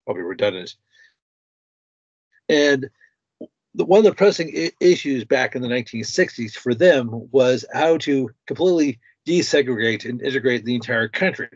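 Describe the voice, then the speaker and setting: Hesitant mid-pitched man, dry lo-fi. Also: animated, moderate pace, husky, dry recording. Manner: hesitant, many uh and restarts. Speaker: guest. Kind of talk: talk show conversation. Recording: dry dull lo-fi sound.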